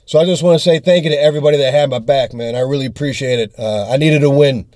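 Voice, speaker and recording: A man's voice: mid-range voice, fast talker, a little mellow, no echo. A young adult man, a touring comedian, telling an angry, profane story in a video diary and acting out the texts and calls. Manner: angry, profane storytelling that acts out text exchanges.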